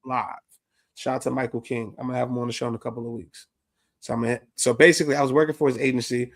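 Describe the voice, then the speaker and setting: Rapid slang-heavy podcast host man. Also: mid-range voice, little pitch movement. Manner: hyped, slang-heavy, quick shout-outs. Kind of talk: casual conversational interview.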